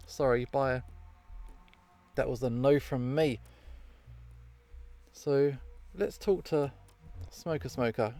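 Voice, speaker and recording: Male game streamer, mid-pitched, casual amused reads, faint game music under. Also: slow, pauses often, warm tone. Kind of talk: reading a visual novel aloud.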